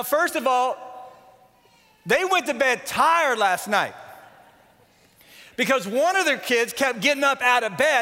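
A man in his forties preaching a sermon, telling animated stories and acting out scenes. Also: very high voice. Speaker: pastor. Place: large church worship center. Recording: long hall reverb.

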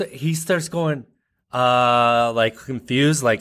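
A man in his thirties co-hosting a podcast, telling a family story in casual chat and jumping up high to quote his kids. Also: moderate pace, fairly bright tone. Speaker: podcast co-host.

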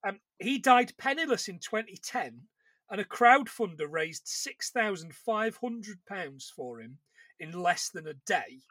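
A man's voice: high voice, sharp tone, dry recording. A man co-hosting a casual podcast chat, a rambling storyteller who restarts and laughs as he goes. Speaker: podcast co-host. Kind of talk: casual chat about films.

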